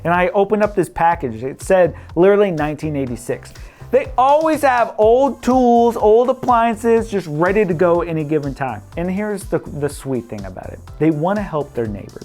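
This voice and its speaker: A man's voice: high voice, very animated, moderate pace, darkish tone, soft background music. Chatty man vlogging. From Midwestern US. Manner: chatty and playful, laughs often, acts out quoted voices. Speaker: real estate broker. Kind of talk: casual talking-to-camera vlog.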